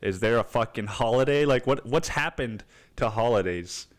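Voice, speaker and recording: A man's voice: mid-range voice, moderate pace. A young man with the sniffles hosting his podcast in a rambling, profane, slangy monologue. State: sniffly with a cold. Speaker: podcast host.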